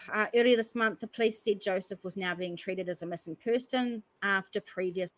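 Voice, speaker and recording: A woman's voice: mid-range voice, normal speed, slight background noise, rough recording. A woman who hosts a podcast, reading news articles aloud and stopping often to add earnest comments. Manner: earnest, stops often to comment between passages. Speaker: podcast host.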